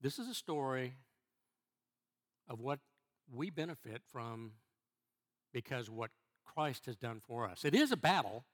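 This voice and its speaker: Male church elder, middle-aged, sermon, repeats and restarts, mid-pitched voice. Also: lively intonation, a bit bright. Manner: halting, repeats words and restarts, then stresses key phrases.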